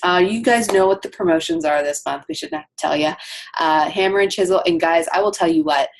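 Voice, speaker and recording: A woman's voice: lowish voice, brisk, a little hiss or hum. A woman coaching her team on a casual call, chatty with lots of ums and asides.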